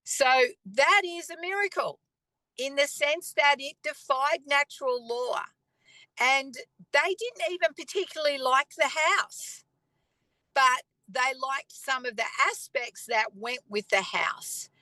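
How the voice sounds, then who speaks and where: Woman, testimony speaker, earnest and conversational, higher bright voice. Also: dry recording, rough recording. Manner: earnest and conversational, with pauses and throat clearing. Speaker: faith speaker. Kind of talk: personal testimony talk.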